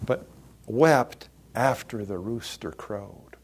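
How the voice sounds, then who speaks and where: A man preaching a sermon, expressive and acting out the people he quotes. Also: medium pitch, takes it slowly. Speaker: pastor.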